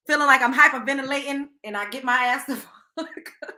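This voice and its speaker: A young adult woman hosts a talk show, delivering blunt, profane advice in a casual monologue and laughing often. Her voice sits high, brisk, pushed and bright.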